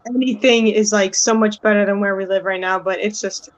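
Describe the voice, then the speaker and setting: A woman's voice: medium pitch, steady tone, normal speed. A woman chatting on a stream, bubbly and rambling, full of "like". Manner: bubbly, rambling with many likes. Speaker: stream guest. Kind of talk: casual chat.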